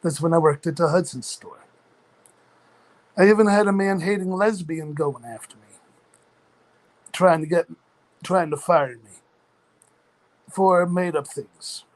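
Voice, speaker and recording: High-voiced man telling a workplace story. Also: measured pace, long pauses. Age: 40s. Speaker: chat room participant. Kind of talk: casual storytelling.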